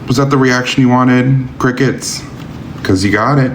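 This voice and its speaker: A man's voice: mid-range voice, steady tone, moderate pace, slight background noise. A man hosting a live-streamed debate, talking bluntly with a sarcastic, argumentative edge.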